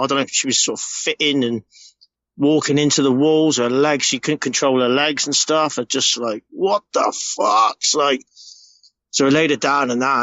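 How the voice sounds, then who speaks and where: A man's voice: mid-range voice, fairly bright tone, no echo, highs cut off. A middle-aged man from the UK telling a rambling, emotional story in a casual recorded message, swearing freely. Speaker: podcast segment contributor.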